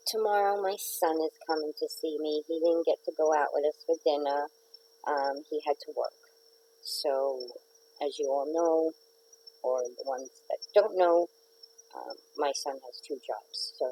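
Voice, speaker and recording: A woman's voice: deep voice, mellow, slight background noise, rough recording. A middle-aged woman hosting a casual live stream from home, chatting and rambling to viewers and greeting commenters by name. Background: neighbor's dog barking.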